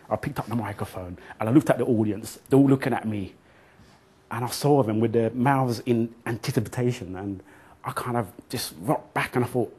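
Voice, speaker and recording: A husky-voiced man tells stories from his youth to children. He is middle-aged and animated, acting out what people said. His pitch sits in the ordinary middle range. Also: fairly quick. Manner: animated storyteller who acts out quotes and chants rhymes. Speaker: children's author. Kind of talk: storytelling talk to children.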